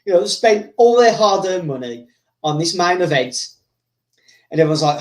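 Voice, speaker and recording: A man's voice: high-pitched, expressive, normal speed. Male host, casual rambling storyteller, full of fillers and acted-out voices.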